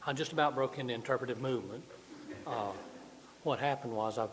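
A man's voice: mid-range voice, fairly quick, noisy background. A man preaching a sermon, joking and folksy, moving around as he talks. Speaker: pastor. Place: church sanctuary with balcony. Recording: long church reverb.

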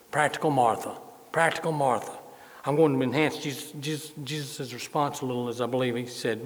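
A man's voice: mid-range voice, brisk. A middle-aged male pastor giving a sermon, repeating phrases for emphasis and adding folksy humor. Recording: long hall reverb.

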